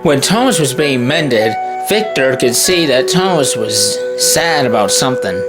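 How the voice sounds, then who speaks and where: A woman's voice: extremely low pitch, expressive, unhurried, hardly any pauses, low-quality recording. A woman narrating a storybook tale about trains. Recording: loud background music.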